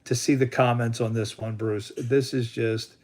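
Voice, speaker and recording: A man hosting a casual livestream, excitable and playful, keeps calling on his sidekick. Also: medium pitch, normal speed. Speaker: livestream host.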